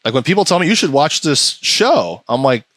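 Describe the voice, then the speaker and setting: A man's voice: very animated, normal speed, fairly bright tone, no room sound. A man hosting a podcast in casual chat, ranting sarcastically about a TV show. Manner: ranting, sarcastic, mocks voices in a high pitch. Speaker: podcast host.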